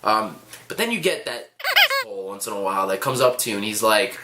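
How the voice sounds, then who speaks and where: A man who tells stories to the camera casually, with animated, sarcastic asides. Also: fairly low pitch, quick pace, heavy background noise. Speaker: vlogger. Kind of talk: casual storytelling. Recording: echoey room.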